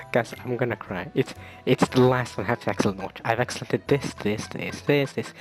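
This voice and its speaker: Brief: young male gamer, casual let's-play commentary, mid-range voice, excitable and tripping over his words. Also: medium pitch, normal speed, faint music behind. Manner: excitable, stammering and repeating himself. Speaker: gaming video creator.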